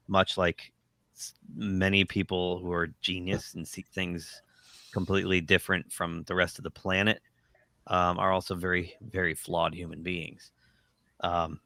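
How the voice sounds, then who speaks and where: A man's voice: sits low, pushed and bright, no room sound. A man hosting a casual livestream chat, talking in an easygoing, chatty way. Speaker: host.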